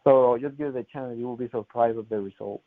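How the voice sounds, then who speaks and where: A man in his twenties from Colombia, a native Spanish speaker with a strong Colombian Spanish accent, answering interview questions in halting, word-searching English. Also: mid-range voice. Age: 20s. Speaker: guest salesman. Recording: tinny phone line.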